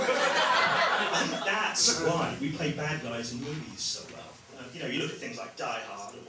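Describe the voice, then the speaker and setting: A British stand-up comedian in his forties, animated and self-deprecating, his pitch leaping high as he riffs. The voice carries through an echoey comedy club, heard from some distance, with a heavy wash of noise behind. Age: 40s. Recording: roomy, distant, noisy club.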